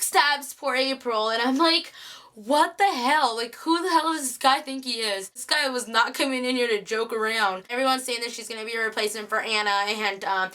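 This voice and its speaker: A young woman chatting excitedly through a TV episode recap, acting out the characters' lines. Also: on the high side. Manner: chatty, excitable, acts out quotes. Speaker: TV recap vlogger.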